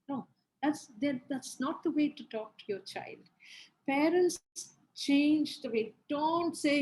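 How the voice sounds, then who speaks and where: A woman's voice: high voice, animated, slow, a little mellow, rough recording. A middle-aged woman giving an earnest parenting seminar talk, acting out the things parents say. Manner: earnest, acts out parent quotes.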